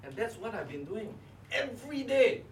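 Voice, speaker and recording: A middle-aged network marketing coach with a Malaysian English accent speaks in a high, sing-song voice at a moderate pace, firing rhetorical questions at a live seminar audience. He's recorded from a distance in an echoey meeting room, off-mic, with a faint hum.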